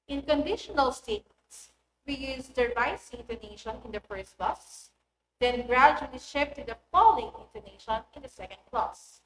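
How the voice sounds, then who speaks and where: A woman, a teacher giving a recorded English lesson in a clear, deliberate voice that stresses key words. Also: high-pitched, lively intonation. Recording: echoey room with faint noise.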